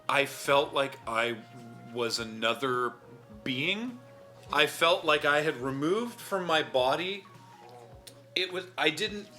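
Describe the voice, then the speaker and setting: Male stream host, bright tone, chatty and animated, talks through a mouthful. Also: mid-range voice. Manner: animated, chatty storyteller who laughs easily; talks while eating. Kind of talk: casual chat on a charity stream.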